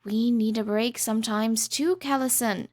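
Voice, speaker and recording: A woman with a slightly high, slightly mellow voice close to an everyday one speaks at normal speed with fairly even intonation. She plays a stern, weary queen mother, speaking in a firm, curt, dismissive way.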